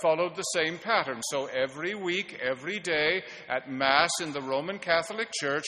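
A man's voice: fairly high pitch, moderate pace, bright, forceful tone. Man preaching in a reverberant church. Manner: wry anecdotal storytelling. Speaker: pastor. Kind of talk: sermon. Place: large church sanctuary.

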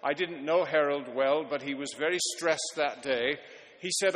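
A male pastor with a slightly high voice preaches a sermon, spinning wry anecdotes in an easy storytelling way. His words ring out with a long reverb across a large church sanctuary. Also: normal speed, a bit bright.

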